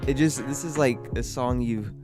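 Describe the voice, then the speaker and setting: A man's voice: medium pitch, moderate pace, over music. A man co-hosting a podcast in casual chat, easygoing, with short agreeing replies. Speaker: podcast co-host.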